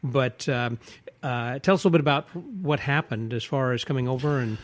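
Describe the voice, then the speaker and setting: A man's voice: mid-range voice, normal speed, dry recording. Easygoing man hosting a podcast. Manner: relaxed, many "uh" fillers. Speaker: podcast host. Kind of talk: casual interview.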